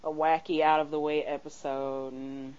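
A woman's voice: low-pitched, flat delivery, moderate pace, darkish tone, clear, resonant tone. A woman co-hosting a casual fan podcast, speaking bluntly and swearing freely. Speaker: podcast co-host. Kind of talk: casual chat. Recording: dull lo-fi recording.

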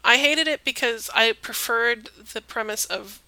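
A woman's voice: a little high, measured pace, sharp tone, no room sound. A woman in her twenties from Texas co-hosting a casual podcast, chatty and a bit tipsy, often trailing off mid-thought. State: a little tipsy. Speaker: podcast co-host. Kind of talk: casual chat.

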